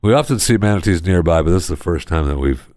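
A man with a fairly low voice hosts a comedy podcast and tells strange news stories. He rambles in a deadpan way and stops often to hunt for words. He is close to a studio mic with a dry sound. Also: quick pace, no echo. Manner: rambling storyteller, many uh fillers, deadpan. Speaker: podcast host. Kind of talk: casual comedy podcast chat.

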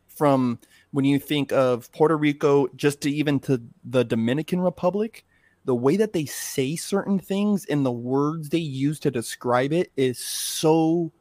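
Young male podcast host, joking and relaxed. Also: on the high side, no echo. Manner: joking, relaxed, loose slang. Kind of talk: casual chat.

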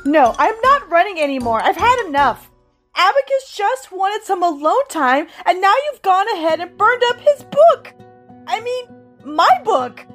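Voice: very high voice, very animated, unhurried, a bit bright, soft background music, pitched above the performer's own voice, exaggerated voice. A woman voicing a flustered young artist in an improvised kids' story, earnest and fretful. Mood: exasperated.

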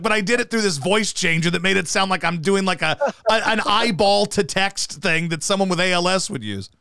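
A man's voice: high voice, brisk, creaky, hardly any pauses, clear, resonant tone, no echo, clean studio sound. A male radio host telling profane stories in casual podcast chat. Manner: profane, animated storyteller.

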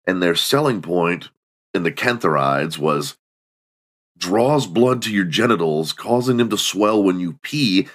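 A man's voice: deep voice, fairly bright tone. A middle-aged man hosting a solo comedy podcast, sarcastic and mocking, acting out little scenes. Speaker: podcast host.

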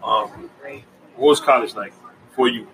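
A man from Washington Heights hosting a casual interview chat, relaxed and prone to quick restarts. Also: medium pitch. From Washington Heights, New York. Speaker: podcast host. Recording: distant mic with faint room noise.

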